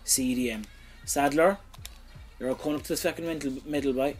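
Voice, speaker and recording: A young Irish man commentating his own video game play, excitable and swearing freely, shouting at big moments. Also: medium pitch, brisk, faint music behind. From Ireland. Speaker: gaming YouTuber.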